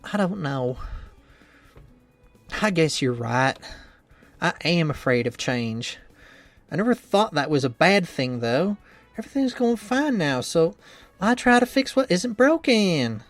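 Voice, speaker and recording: A man's voice: fairly high pitch, very animated, unhurried, pauses often, dry recording, soft background music. A man voicing a cheerful young woman trainer who is anxious about her cooking, reading a visual novel game in an earnest, rambling, self-doubting way.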